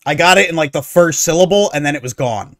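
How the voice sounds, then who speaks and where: A man hosting casual reaction commentary, ranting in an animated, sarcastic, opinionated way. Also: on the high side, fast talker, no echo, studio quality. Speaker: streamer reacting to online posts.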